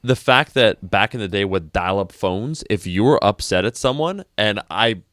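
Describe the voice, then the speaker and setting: A man with a low voice talks as a podcast guest, lively and loose, swearing casually and slipping into quick acted-out lines. His voice is recorded dry and close. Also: no room sound. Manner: animated, swears freely, acts out little quotes.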